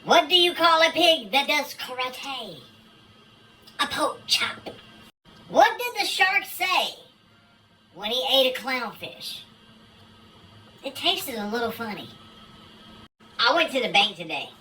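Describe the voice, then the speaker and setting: Lady rattling off jokes deadpan, bright sharp voice, sits back from the mic a bit. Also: high-pitched, slow, pauses often, distant mic, faint music behind, low-quality recording. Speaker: joke teller. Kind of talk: deadpan joke telling.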